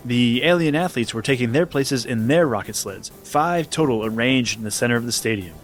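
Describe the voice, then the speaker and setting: A man narrating a scripted children's story in a lively, expressive way. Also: mid-range voice, fairly quick, hardly any pauses, faint music behind.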